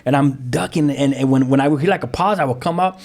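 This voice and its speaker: A man, a pastor telling his own story as a guest in lively, vivid storytelling with street slang and sound effects. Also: mid-range voice, fast talker. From South Central Los Angeles. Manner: frequent restarts, street slang. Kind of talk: animated storytelling.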